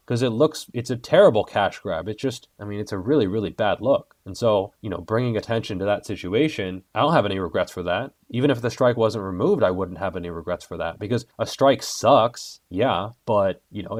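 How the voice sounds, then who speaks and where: A man's voice: fairly low pitch, no echo, studio quality. A man speaking as an interview guest, blunt and heated, swearing freely as he rants. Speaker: guest, fitness content creator.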